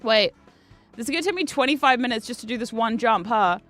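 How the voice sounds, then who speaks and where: A woman's voice: fairly high pitch, expressive, fast, a bit bright, faint music behind. A woman streamer chatting casually while gaming, swearing freely and laughing often at a desk microphone.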